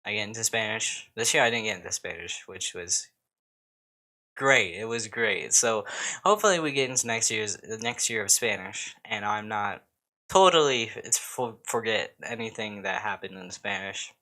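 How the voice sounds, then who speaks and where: Lowish in pitch but bright and forceful, this expressive American YouTuber talks at a moderate pace. His casual vlog chat rambles along, loaded with swearing and self-mockery.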